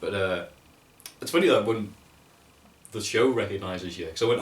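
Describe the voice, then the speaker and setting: Young man, low voice, sweary and animated, echoey room, a bit off mic. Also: moderate pace, far from the mic. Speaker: guest, wrestling video maker. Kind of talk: casual chat.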